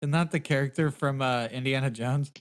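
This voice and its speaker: A man's voice: medium pitch, steady tone, brisk. A man co-hosting a casual podcast, joking irreverently and swearing freely as he chimes in. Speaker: podcast co-host.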